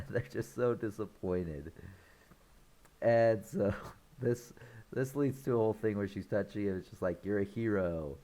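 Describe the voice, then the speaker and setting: Man, online film reviewer, casual spoiler recap, slow delivery, frequent chuckles, rambling. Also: fairly low pitch, warm tone. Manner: chuckles often while retelling scenes; rambling, loose retelling with restarts.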